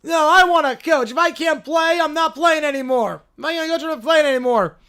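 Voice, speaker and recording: A man's voice: very high-pitched, a little fast, voice pushed up, full character voice. Caillou, a man doing a crying little boy. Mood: whining. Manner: whining, crying, shouting.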